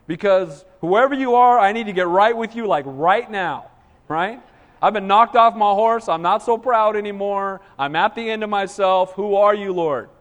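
High-voiced preacher in a reverberant hall. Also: male voice, normal speed. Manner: animated preaching with call-and-response. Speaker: pastor. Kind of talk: sermon.

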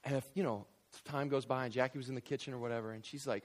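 Man in his thirties preaching, lively and chatty with asides, mid-range voice. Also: fast. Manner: animated preaching with big swings in loudness and pitch; conversational, with frequent fillers and asides. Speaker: visiting pastor. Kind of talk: sermon.

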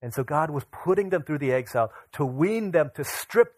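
A man's voice: a little high, animated, moderate pace, few pauses, a little mellow, no room sound. Man preaching with surging emphasis. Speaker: pastor. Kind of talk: sermon.

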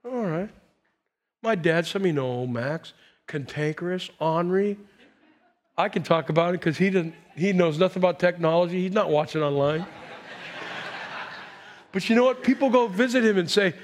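A man in his sixties preaching as a pastor, swinging from loud emphasis to hushed quiet. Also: high voice, normal speed, pauses often. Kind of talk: sermon.

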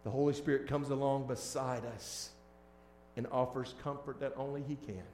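A man preaching as a pastor, shifting between hushed, tender lines and loud, emphatic ones. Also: medium pitch, fairly even intonation, moderate pace, roomy sound, slight background noise. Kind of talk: sermon.

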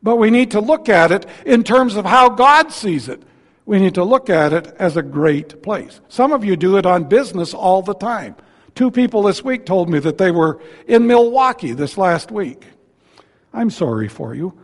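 A man preaching a sermon as a visiting pastor in a church, folksy and warm-humored, with joking asides between his points. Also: sits high, lively intonation, normal speed. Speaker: guest preacher. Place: church sanctuary. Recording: long hall reverb.

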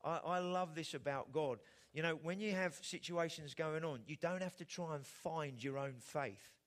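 A man's voice: on the high side, moderate pace. A middle-aged man preaching a sermon in a conversational way, often putting rhetorical questions to his listeners. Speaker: pastor.

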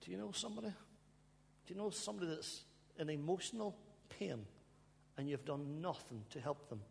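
A preacher delivers a heartfelt sermon and prayer to his church, his voice a little high for a man and gravelly. His pleading words ring with a long church reverb, and a faint hum sits underneath. He often softens into quiet laughter and sighs. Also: lively intonation, moderate pace. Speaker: pastor. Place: church hall.

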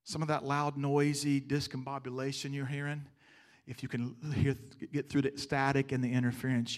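A man preaching a sermon, emphatic and stammering through restarts, asking his congregation rhetorical questions and swinging between loud emphasis and soft, hushed lines. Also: mid-range voice, little pitch movement, moderate pace.

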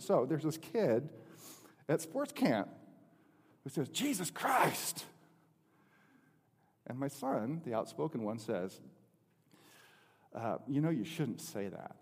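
A middle-aged man preaching and telling a family story, with many restarts and lively swings in pitch. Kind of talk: sermon. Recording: long hall reverb.

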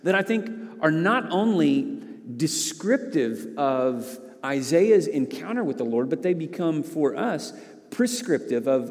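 A man's voice: fairly high pitch, a little mellow, long reverb tail. A man preaching a sermon as a pastor, earnest, often repeating words and restarting phrases.

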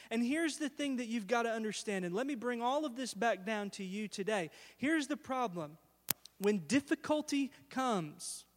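Young guy pastor telling a story in a sermon, really high voice, long echo off the church walls. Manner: animated storyteller, acts out screams. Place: church sanctuary. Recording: long hall reverb.

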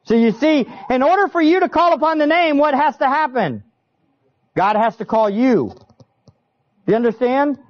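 Animated preacher, dull lo-fi sound. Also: male voice, extremely high pitch, moderate pace, long pauses. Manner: animated, conversational, asks the audience questions. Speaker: pastor. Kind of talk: expository sermon.

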